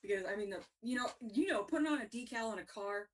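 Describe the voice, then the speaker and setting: A woman's voice: a little high, fast talker, distant mic. A woman co-hosting a casual talk show, telling funny stories with lots of laughs. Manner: animated, laughing storyteller. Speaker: podcast co-host. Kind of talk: casual storytelling.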